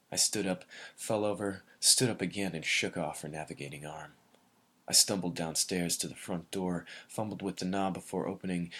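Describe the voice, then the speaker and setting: A man reading a first-person literary story in a measured way, often sinking to a breathy near-whisper. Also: sits low, sharp tone. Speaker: narrator.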